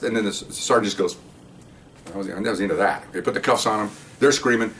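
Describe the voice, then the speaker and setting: A man's voice: quick pace, a bit bright. An older man, a retired police officer, telling a story in a rambling, casual way and often adding "okay?". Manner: rambling, tags remarks with "okay?". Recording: distant mic, faint rumble.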